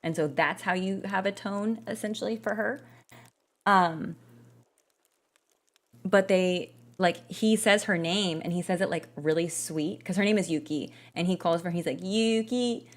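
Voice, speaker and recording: A woman's voice: on the low side, fairly even intonation, normal speed. A woman gaming vlogger chatting casually and rambling, with lots of fillers and restarts. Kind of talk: casual chat while gaming.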